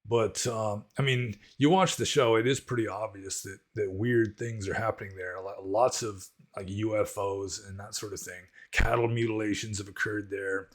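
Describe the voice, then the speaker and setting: Rambling low-voiced man answering questions. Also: fairly even intonation, normal speed, few pauses. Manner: rambling, many restarts and fillers. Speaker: Buddhist monk answering viewer questions. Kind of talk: casual Q&A talk.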